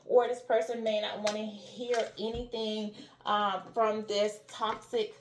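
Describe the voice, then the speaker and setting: A woman's voice: medium pitch, little pitch movement, unhurried, roomy sound, a little hiss or hum. A woman giving a spiritual tarot reading who keeps checking in with "all right?" and "okay?". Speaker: tarot reader.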